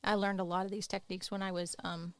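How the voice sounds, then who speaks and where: A woman chats on a writing podcast, jumping between lively explanation and playful teasing as she would with her students. Her voice is mid-pitched and sits close to the mic in a dry, unreverberant recording. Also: fast, clear, resonant tone, dry recording. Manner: animated, playful teacherly asides. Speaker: podcast co-host. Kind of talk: casual podcast chat.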